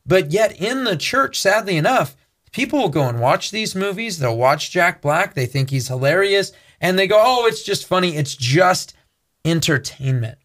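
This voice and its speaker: A man with a fairly high, fairly bright voice co-hosts a Christian talk show. In his preaching commentary, he earnestly preaches and tells a personal story.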